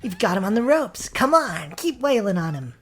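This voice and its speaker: A man raises his voice into a sassy young schoolgirl sidekick in a video game, peppy and full of encouragement. Her voice bounces around with lively pitch swings, raised above the performer's own register, and the delivery stays chirpy and upbeat. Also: moderate pace, faint music behind. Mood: cheerful.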